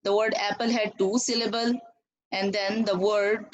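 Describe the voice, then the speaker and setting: A woman's voice: mid-range voice, little pitch movement, moderate pace, dull audio. A woman teacher with a Pakistani English accent, giving a recorded lesson and explaining step by step, often repeating herself and asking the students questions.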